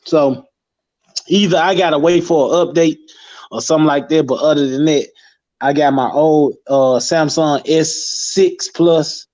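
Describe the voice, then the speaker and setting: A man chatting casually as a guest on a live stream, loose and profane, with animated street talk. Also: fairly high pitch, a little slow. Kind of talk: casual chat. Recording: dull lo-fi stream audio.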